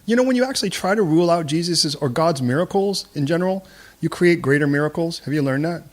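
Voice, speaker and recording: In church, a pastor with a fairly high voice for a man preaches quickly, lively and full of jokes. He readily shifts into acted voices for the people he describes.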